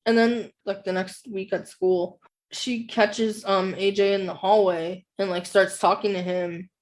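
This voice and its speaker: A woman's voice: mid-range voice, flat delivery, measured pace. Rambling, filler-heavy woman co-host. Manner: rambling, full of "like" fillers while retelling. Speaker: podcast co-host. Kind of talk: casual book-club chat.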